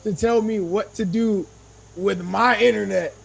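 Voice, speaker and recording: Young guy ranting on a podcast, kinda high voice, swearing a lot. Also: steady tone, unhurried, creaky, slight background noise. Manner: indignant, swearing, rhetorical questions. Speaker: podcast guest. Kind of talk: heated casual podcast talk.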